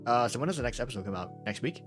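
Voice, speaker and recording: A man's voice: mid-range voice, animated, rapid-fire, over music. A young man reading a visual novel aloud as a let's-player, laughing often between plain narration.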